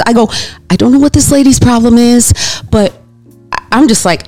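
A woman telling a personal story in an animated way, acting out the voices of the people in it. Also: fairly high pitch, brisk, pauses often, soft background music. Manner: animated, acts out quoted voices. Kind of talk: emotional storytelling.

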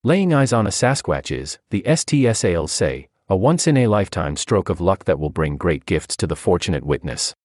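Deep-voiced man narrating with lively pitch. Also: moderate pace, few pauses, no room sound, studio quality. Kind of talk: scripted narration of a feature article.

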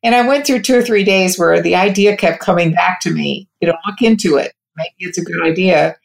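A woman's voice: on the low side, a little fast, gravelly. A woman telling a personal story to an interviewer, rambling, restarting sentences, and quoting what others said. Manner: rambling, with frequent restarts and quoted dialogue. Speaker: interview guest.

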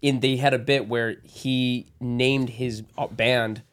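A man's voice: medium pitch, flat delivery, takes it slowly. A man co-hosting a casual podcast in a mid-range voice. He jokes around and tells anecdotes, acting out the quotes. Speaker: podcast co-host.

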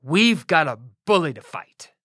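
A woman's voice: deep voice, sing-song, measured pace, fairly bright tone, no room sound, clean studio sound, full character voice. A woman voicing a bold, laid-back male general who talks in a casual, swaggering way. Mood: pumped.

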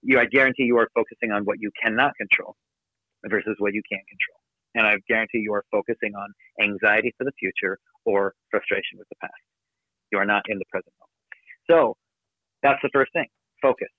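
A man giving an energetic, emphatic motivational talk from his office as a podcast guest. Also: fairly low pitch, no room sound. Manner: energetic, emphatic, rapid coaching delivery. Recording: dry, phone-like narrow sound.

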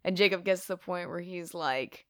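Woman co-host, smooth voice, dry close sound, lively, laughs a lot while recapping a film. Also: on the low side, moderate pace, no echo. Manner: animated, laughs often, swears casually. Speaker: podcast co-host. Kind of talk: casual film recap chat.

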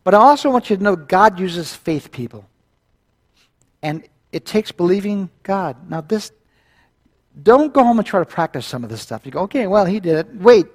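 A male pastor preaching a sermon, retelling a scripture story with lively asides to the congregation. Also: sits high, moderate pace.

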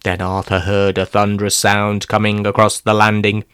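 A man's voice: on the low side, monotone, moderate pace, fairly bright tone, clean tone, dry recording, clean studio sound. A man reading a rhyming children's story in a playful, theatrical way. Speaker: narrator.

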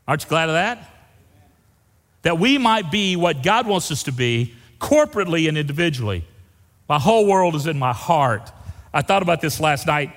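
An older man, a pastor, preaches a folksy sermon in a church sanctuary and puts questions to the congregation. His voice is a little high with a fairly bright tone, and a long hall reverb trails his words.

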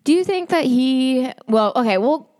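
A woman in casual chat, retelling scenes in quick run-on quotes. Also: sits high, animated, darkish tone. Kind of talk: casual chat recapping a reality show.

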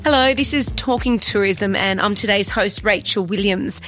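A woman's voice: medium pitch, normal speed, loud music behind the voice. A woman hosting a podcast interview, enthusiastic and friendly as she asks questions. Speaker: podcast host.

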